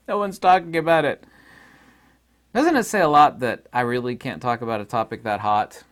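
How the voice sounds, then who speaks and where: A man's voice: mid-range voice, expressive, a little fast, heavy background noise. Rambling sarcastic middle-aged man. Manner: rambling, sarcastic, laughs often. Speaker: channel host, commentator. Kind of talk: casual commentary monologue.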